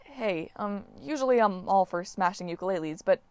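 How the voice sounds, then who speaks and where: Brief: woman reader as nervy wisecracking teenage boy, casual, mid-pitched. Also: animated, mellow, smooth, no echo, natural voice. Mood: joking. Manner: casual, joking, quick to deflect. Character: wisecracking teenage boy demigod, quick and nervous. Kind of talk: audiobook character voice.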